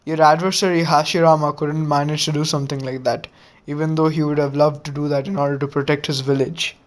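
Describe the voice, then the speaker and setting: A man voicing a calm, confident young male village leader with an earnest, lecturing manner. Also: a little high, fast, close to an everyday voice. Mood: firm.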